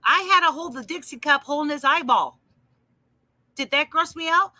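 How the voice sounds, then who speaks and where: Bright high-voiced woman livestreaming. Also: moderate pace, no room sound. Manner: emphatic, responds to chat by name. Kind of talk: casual livestream chat.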